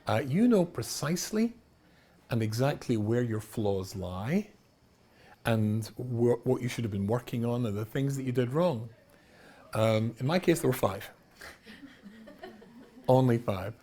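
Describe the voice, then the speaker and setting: A man's voice: mid-range voice, expressive, normal speed, long pauses, dark tone, slightly rough. A middle-aged man, a rabbi, giving a humorous storytelling talk in a wry, self-mocking way, often laughing at his own jokes.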